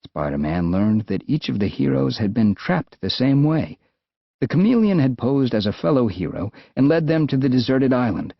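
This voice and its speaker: A man with an American accent narrating an adventure audiobook in a lively, expressive way. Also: medium pitch, moderate pace, gravelly, no room sound. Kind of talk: scripted narration. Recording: dull, dry studio sound.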